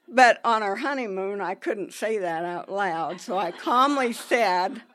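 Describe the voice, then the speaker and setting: Woman for a personal story: unhurried, deliberate, halting, restarts mid-sentence. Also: medium pitch, sharp tone.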